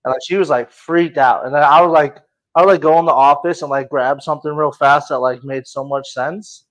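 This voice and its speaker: A man's voice: a little high, steady tone, a little fast, fairly bright tone, rough recording. A man with an American accent co-hosting a casual sports podcast, laid-back, telling stories with stammered restarts and lots of "like". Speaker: podcast co-host.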